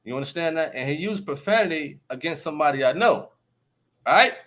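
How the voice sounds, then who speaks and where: An emphatic man hosts a casual live stream, his voice sitting a bit higher than most men's. He keeps checking in with his listeners, asking whether they understand, and breaks into short laughs between remarks. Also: lively intonation, brisk, a bit bright. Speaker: livestream host.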